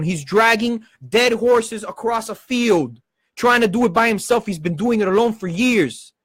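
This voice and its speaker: A man with a high voice rants on a live football stream. He is heated and swears often, talking in fast bursts. The sound is close and dry, with little room. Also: expressive, fairly bright tone, husky, dry recording. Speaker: football channel host. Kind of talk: passionate live-stream rant.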